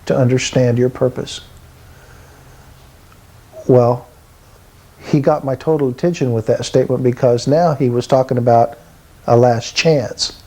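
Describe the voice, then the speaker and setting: A man in his sixties from Texas tells a personal testimony in an earnest, vivid way. His voice is mellow and warm, sitting in a middle pitch. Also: rough recording. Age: 60s. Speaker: testimony speaker.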